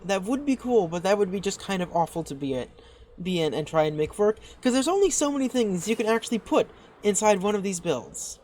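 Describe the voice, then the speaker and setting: A woman giving casual gameplay commentary as a channel host. She talks excitedly, thinking aloud and restarting her sentences. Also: on the low side, slight background noise.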